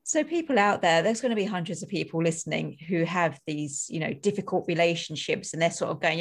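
Woman podcast host, lowish voice, rambling and thoughtful. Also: fairly quick, hardly any pauses. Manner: thoughtful, rambling, many "like" and "you know". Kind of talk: conversational interview.

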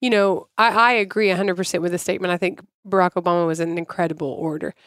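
A woman's voice: on the low side, fairly even intonation, fairly bright tone, no room sound. Woman, pointed debater, mid voice, dry close mic. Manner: quick, pointed, challenging. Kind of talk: casual podcast chat.

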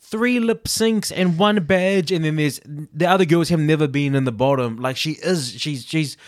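A man co-hosting a casual chat podcast, playful and teasing, often jumping into high mock voices. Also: moderate pace, no room sound, clean studio sound. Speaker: podcast co-host.

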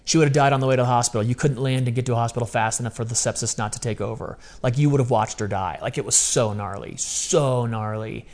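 A man's voice: mid-range voice, steady tone, quick pace, hardly any pauses, darkish tone. A man talking as an interview guest, telling personal stories in an emphatic, casual, slang-heavy way. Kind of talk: candid personal storytelling.

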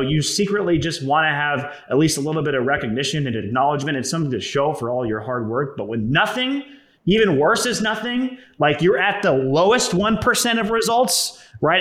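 A young man with a slightly high-pitched voice tells his personal story bluntly, swearing freely and filling his speech with casual asides. The sound is roomy, with a noticeable echo. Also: a bit bright. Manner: profane, blunt, conversational, peppered with "like" and "right?". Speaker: entrepreneur telling his story.

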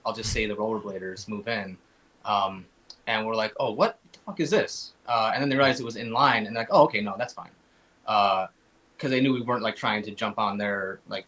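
A man's voice: on the low side, bright, forceful tone, poor audio. A man talking as a podcast guest in casual chat, rambling along with many fillers and restarts.

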